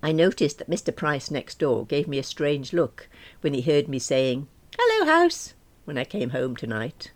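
A woman's voice: rumbling low, steady tone, moderate pace, darkish tone. A woman narrating a first-person story audiobook in a wry, self-deprecating manner.

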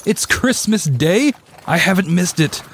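A man's voice: sits high, lively intonation, measured pace, slight background noise. A man playing an elderly reformed miser, exuberant and generous, in a dramatic story reading. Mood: giddy. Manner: exuberant, swooping delivery with mock-stern turns.

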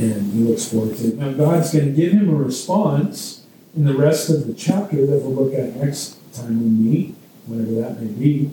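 A man leading a casual Bible study, talking in a relaxed way with many fillers and restarts, to a small group in a room. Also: medium pitch, normal speed, slight background noise. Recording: dark, echoey room from far off.

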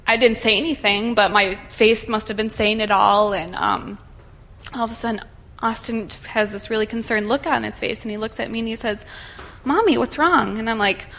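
A woman's voice: medium pitch, level tone, brisk, a bit bright. A woman nervously sharing a personal testimony in church, hesitant and full of fillers, with a shaky voice. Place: church sanctuary.

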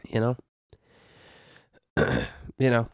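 A man's voice: medium pitch, big pitch swings, drawn-out words, gravelly, no room sound, studio quality. A young adult man hosting a casual solo podcast, rambling and profane with constant "you know" and "dude" fillers. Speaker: podcast host.

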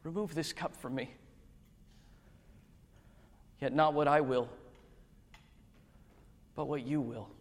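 A man reading the grave, sorrowful words of a male teacher in a slow, deliberate way, with a long hall reverb. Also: fairly high pitch.

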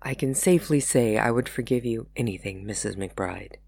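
A courteous, earnest gentleman speaks with old-fashioned formality, as a woman reading her story puts him on. His voice is close and dry, with no room around it. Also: a bass voice, moderate pace, gravelly, breathy edge, no echo, pitched below the performer's own voice, exaggerated voice. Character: gallant, earnest male gentleman, courteous and apologetic.

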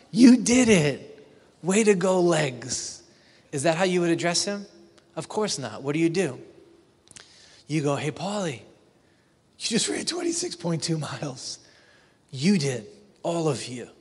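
A man preaching a sermon as a pastor, conversational, often asking the congregation questions. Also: a little high. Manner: conversational, asks the congregation questions, acts out silly quotes. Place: church hall with long reverb. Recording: reverberant church hall.

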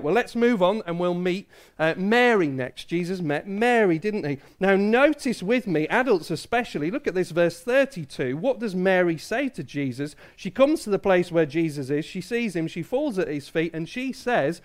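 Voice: medium pitch, expressive, moderate pace. Church preacher for an all-ages service, talks to kids and adults alike and keeps asking "isn't it?". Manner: asks many tag questions, draws in listeners. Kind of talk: family sermon addressing kids and adults.

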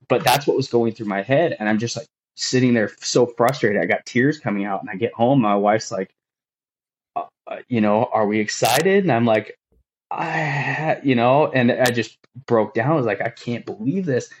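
A man's voice: medium pitch, normal speed, a little hiss or hum, rough recording. A man, a firefighter, telling his own story on a podcast in an earnest, rambling way with many fillers. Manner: earnest, rambling, emotional retelling with lots of fillers. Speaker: firefighter guest.

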